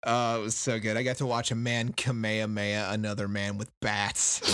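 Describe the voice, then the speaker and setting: A man co-hosting a podcast, recapping a book in casual chat and slipping into quick voices for the characters. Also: lowish voice, big pitch swings, a bit bright, no room sound. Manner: loose, joking, quotes characters in quick impressions.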